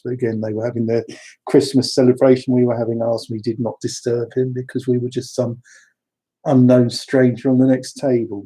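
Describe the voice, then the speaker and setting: A man's voice: medium pitch, mellow, slightly rough. A man from London, chatting through wandering personal stories with frequent restarts. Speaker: storyteller. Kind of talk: rambling personal anecdotes.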